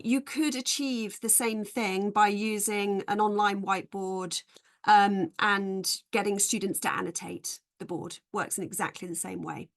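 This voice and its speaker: A woman leading a live webinar for teachers, explaining activities clearly and patiently, modelling stress patterns slowly. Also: mid-range voice. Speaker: English teacher trainer.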